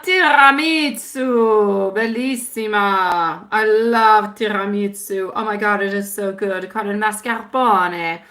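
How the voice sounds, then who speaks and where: A woman hosting a live tarot stream, chatting warmly with viewers and mixing in Italian words and pet names. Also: mid-range voice. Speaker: tarot reader.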